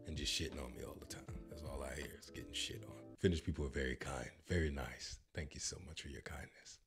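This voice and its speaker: A man's voice: a bass voice, steady tone, quick pace, a bit bright, faint music behind. A man filming a comedic reaction vlog, joking and swearing as he tries a language app. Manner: jokey, swears, bursts into mock announcer voice.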